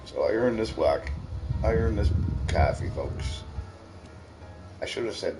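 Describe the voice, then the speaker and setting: A man's voice: low voice, moderate pace, darkish tone, faint music behind, poor audio. A man from Cape Breton with a Cape Breton accent, telling a folksy story to viewers outdoors in the snow. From Cape Breton, Nova Scotia, Canada. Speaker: vlogger.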